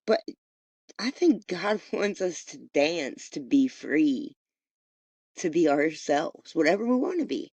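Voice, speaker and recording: A woman's voice: sits low, expressive, takes it slowly, darkish tone, slightly rough, no room sound. A woman hosting a podcast, giving a rambling, profane, motivational spiritual pep talk. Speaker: podcast host. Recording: dull lo-fi recording.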